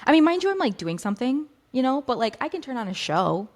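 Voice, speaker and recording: A woman's voice: high voice, very animated, fast, darkish tone. A woman co-hosting a podcast, chatting casually, sharing sayings and advice in a reflective way. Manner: reflective, offers sayings and advice, many "like" fillers. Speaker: podcast co-host. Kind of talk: casual chat.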